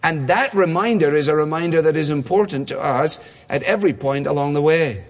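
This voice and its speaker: A man's voice: a little high, brisk. A man preaching a sermon in a conversational way, full of rhetorical questions and small restarts. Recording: long hall reverb.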